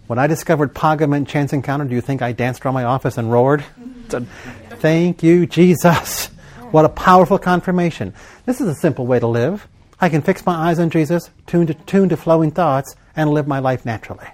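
A man preaching a sermon, leading his congregation in call-and-response and slowing down for emphasis. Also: a little high, darkish tone. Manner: call-and-response, prompting the congregation to fill in words; emphatic, with slow deliberate stretches.

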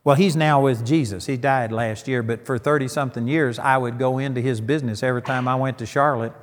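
A man's voice: medium pitch, fairly even intonation, a little fast. Folksy preacher man in a big hall. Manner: folksy storytelling, emphatic punchlines. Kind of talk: sermon.

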